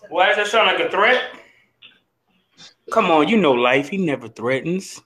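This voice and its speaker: A man's voice: high voice, animated, moderate pace, pushed and bright, echoey room. A man hosting a podcast in casual chat, joking and teasing and laughing often. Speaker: podcast host.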